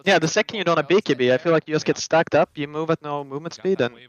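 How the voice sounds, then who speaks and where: A man with a slightly high voice chats over a call, hesitant, often stammering and restarting his sentences as he talks things through. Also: rapid-fire, lo-fi sound. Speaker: guest on call. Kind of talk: casual chat.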